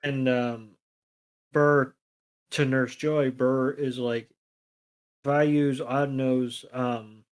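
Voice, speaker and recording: Brief: male podcast co-host, mid-pitched, profane and sarcastic recap banter. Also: level tone, slow, pauses often, poor audio. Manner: crude, profane, sarcastic retelling. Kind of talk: casual recap chat.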